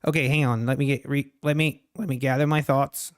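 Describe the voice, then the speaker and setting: A man's voice: mid-range voice, fairly even intonation, a little fast. A man streaming his trading live, talking to the chart and chatting with viewers between laughs.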